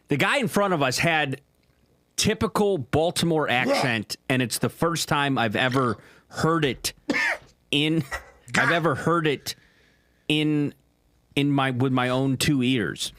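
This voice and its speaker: A man co-hosting a casual podcast, speaking haltingly with frequent restarts. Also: medium pitch, a bit bright, no room sound, clean studio sound. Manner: halting, restarts often, laughs while talking. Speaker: podcast co-host. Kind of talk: casual chat.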